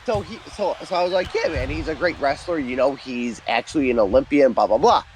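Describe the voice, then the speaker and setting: A young man doing casual gaming commentary, telling stories and acting out quotes with lively energy. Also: medium pitch, brisk, a little hiss or hum. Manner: animated storytelling, acts out quotes.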